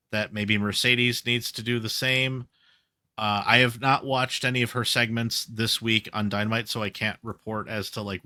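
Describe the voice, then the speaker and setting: A man co-hosting a podcast, chatting casually and telling stories in an animated way. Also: mid-range voice, no echo, studio quality. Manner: animated storytelling, recapping wrestling events. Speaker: podcast co-host. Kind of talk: casual chat.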